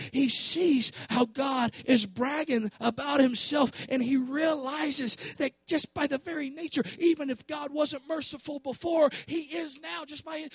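Middle-aged pastor guy preaching, really high raspy voice, goes quiet then shouts, dry close sound. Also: no room sound. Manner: impassioned preaching that swings from quiet asides to shouts. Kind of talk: sermon.

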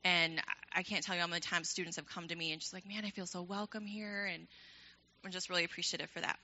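A woman's voice: lowish voice, flat delivery, fast talker, sharp tone, muffled recording. A young woman leading a ministry program, addressing a church in a casual, enthusiastic, chatty way with frequent laughter.

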